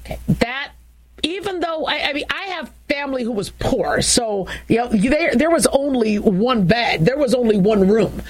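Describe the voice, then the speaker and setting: A woman's voice: on the high side, animated, normal speed, poor audio. A middle-aged woman hosting a talk show, speaking frankly and chattily with many restarts and asides. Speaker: talk show host, doctor. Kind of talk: casual talk radio monologue.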